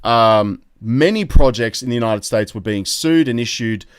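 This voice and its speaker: An Australian man hosting a live crypto stream, talking excitedly and rambling as he reads out the chat. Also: mid-range voice, moderate pace, smooth, no echo, studio quality. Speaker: crypto YouTube host.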